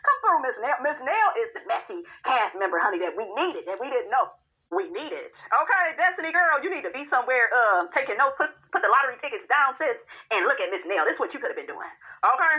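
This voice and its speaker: A woman's voice: on the high side, very animated, fast, bright, forceful tone, muffled recording. A woman giving a sassy, casual recap of a reality show, tossing in "honey" and "okay" all the time.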